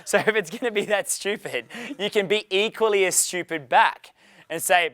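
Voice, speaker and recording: A man's voice: high voice, expressive, a little fast, fairly bright tone, smooth, dry recording. A young man running a dating seminar Q&A, brash and profane, laughing often. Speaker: dating coach. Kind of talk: live seminar Q&A.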